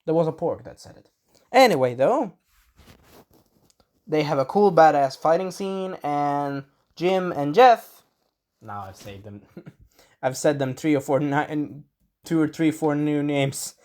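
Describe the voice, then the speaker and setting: A Swedish-born speaker recapping an episode in a casual, rambling review, stumbling over names and acting out quotes, and now and then clearing a scratchy throat. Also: medium pitch, expressive, unhurried, long pauses, darkish tone. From Sweden. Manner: rambling, enthusiastic, acts out quotes in little voices. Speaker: video reviewer. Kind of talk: casual spoiler review monologue.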